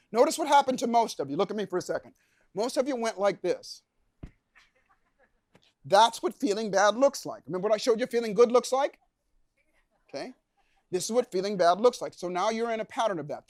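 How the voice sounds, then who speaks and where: A high-voiced man speaks at a live seminar, animated and coaxing as he acts out shouts and gasps. His sound is dry and close, with little room around it. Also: no echo. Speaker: keynote speaker. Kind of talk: motivational seminar talk. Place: event lounge before a live audience.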